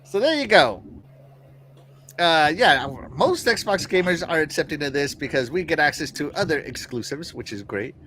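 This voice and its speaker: A man hosting a podcast in casual chat, animated, laughing often and shouting out viewers. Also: fairly high pitch, moderate pace, slight background noise. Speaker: podcast host.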